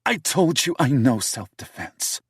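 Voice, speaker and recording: A man voicing a prickly, stubborn young businesswoman from the city who snaps back with sharp, defensive retorts. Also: medium pitch, sing-song, measured pace, breathy edge, dry recording, clean studio sound, pitched above the performer's own voice, exaggerated voice. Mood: defiant.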